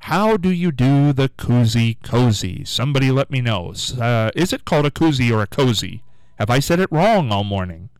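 A playful male radio host chatting with callers on a morning call-in show. His voice is smooth and resonant, and his pitch moves around freely. The studio sound is dry and close. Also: very animated, moderate pace, a little mellow, no room sound.

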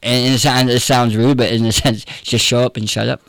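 A pastor telling a personal story in an interview, candid and earnest. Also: male voice, mid-range voice, level tone, a little fast, gravelly, a bit bright, no room sound. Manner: candid, earnest, conversational with fillers.

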